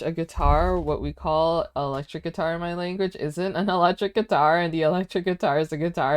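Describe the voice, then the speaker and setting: A woman's voice: on the low side, a little mellow, smooth, no echo, clean studio sound. A woman streaming casually as she works through a language lesson, chatting playfully and sounding out foreign words aloud. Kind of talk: casual livestream chat during a language lesson.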